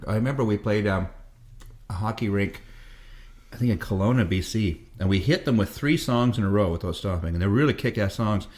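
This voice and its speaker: A man's voice: fairly low pitch, a little fast, a little mellow. Rambling man in his fifties. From Canada. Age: 50s. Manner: profane, rambling storyteller. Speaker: guest musician. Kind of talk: casual interview chat.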